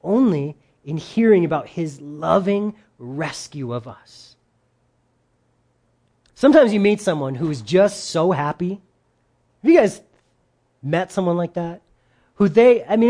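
A preacher giving a sermon in a lively way, with joking asides and quotes acted out in put-on voices. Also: medium pitch, unhurried.

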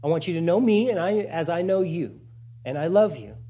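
A man, a pastor, giving a conversational, animated sermon with asides to the congregation. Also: a little high, fairly quick.

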